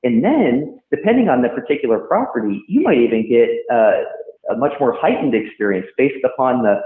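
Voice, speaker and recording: A man's voice: medium pitch, big pitch swings. A man hosts a casual podcast chat, weighing his words and hedging with care. His voice comes through thin and phone-like, with a roomy echo around it. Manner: measured, thoughtful, hedging. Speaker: podcast host. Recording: tinny phone line in an echoey room.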